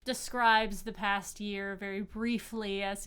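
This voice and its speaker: A woman acting as game master, narrating a tabletop game with many pauses and fillers. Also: medium pitch, fairly even intonation, fairly bright tone, clear, resonant tone. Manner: hesitant, many fillers and restarts.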